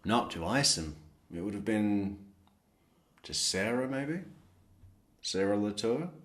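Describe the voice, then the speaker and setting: Guy doing true crime commentary, slow and sarcastic, snarky little asides. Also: fairly low pitch, animated, a bit bright. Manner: mocking, wry asides. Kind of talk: sarcastic commentary over trial footage.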